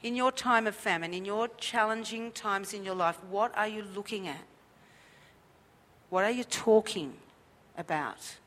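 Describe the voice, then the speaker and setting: A woman's voice: mid-range voice, measured pace, a bit bright, in a large hall. A woman preaching a sermon at a church service, emphatic and repetitive, with many rhetorical questions.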